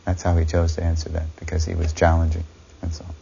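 Male, low voice, reflective explainer, dull lo-fi recording. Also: monotone, quick pace, creaky, very noisy. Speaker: devotee recounting memories. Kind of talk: reflective storytelling.

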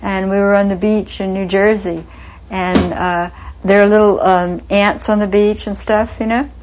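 A woman's voice: mid-range voice, steady tone, measured pace, darkish tone, muffled recording, a little hiss or hum. A woman telling stories of her spiritual teacher in a reminiscing interview, with a wistful, storytelling manner. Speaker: devotee recalling her teacher.

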